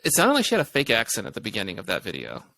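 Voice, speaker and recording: A man's voice: on the low side, huge pitch swings, rapid-fire, creaky, bright, forceful tone. An older man co-hosting a casual music review chat, easygoing and laughing often. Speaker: co-host.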